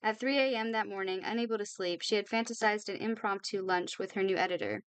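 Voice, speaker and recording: A woman reading a novel aloud for her channel, informal and brisk. She trips now and then and corrects herself. Her voice is smooth and clear, recorded close and dry. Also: medium pitch, a bit bright, dry recording. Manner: brisk reading with slips and apologies. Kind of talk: read-aloud novel narration.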